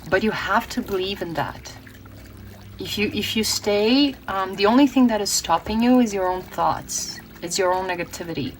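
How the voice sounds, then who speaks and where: A woman's voice: mid-range voice, moderate pace, a little hiss or hum, low-quality recording. A woman from Brazil giving a tarot reading, earnest and emotional, often restarting her words. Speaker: tarot reader.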